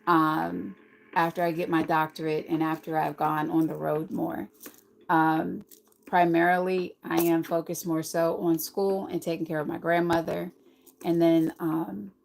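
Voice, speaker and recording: A woman's voice: fairly low pitch, darkish tone, slight background noise, poor audio. A middle-aged woman hosting a casual live stream, talking earnestly and rambling straight to her viewers.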